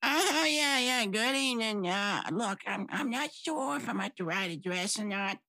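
A woman voicing a pushy, hungry male colonel in a homemade comedy radio play, with a high, bright voice. The sound is close and dry, and he talks in a brash, demanding way. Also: lively intonation, moderate pace, dry recording, full character voice. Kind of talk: amateur comedic radio drama.

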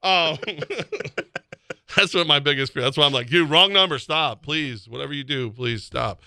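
A man co-hosting a sports radio show in casual banter, telling stories animatedly and jumping into high voices to quote people. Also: brisk, creaky, smooth, no room sound, studio quality. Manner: animated storyteller, jumps into high voices when quoting people.

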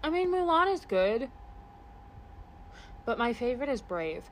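A woman co-hosting a casual podcast chat, swearing freely and ranting with animated energy. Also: a little high, measured pace, a little hiss or hum. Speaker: podcast co-host.

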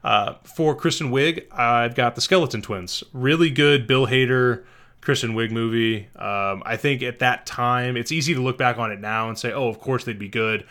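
A man's voice: mid-range voice, normal speed, fairly bright tone. A man co-hosting a podcast, giving casual, rambling movie recommendations and correcting himself as he goes. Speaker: podcast co-host.

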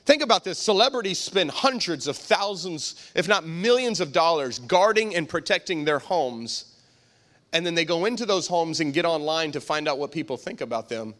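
High-voiced emphatic male preacher. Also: lively intonation, normal speed, a bit bright. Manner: emphatic, repetitive, rhetorical questions. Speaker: pastor. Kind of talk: sermon.

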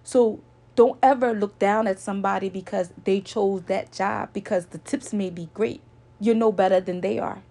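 Earnest woman with a gravelly voice. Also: mid-range voice, fairly even intonation, normal speed, mellow. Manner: earnest, lecturing, repeats points for emphasis. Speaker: vlogger. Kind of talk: casual storytelling to viewers.

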